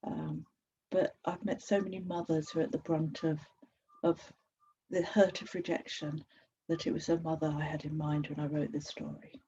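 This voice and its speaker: A woman's voice: low-pitched, level tone, warm tone, highs cut off, slight background noise. Woman reading a storybook aloud. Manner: slow, measured reading. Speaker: author. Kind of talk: reading a picture book aloud.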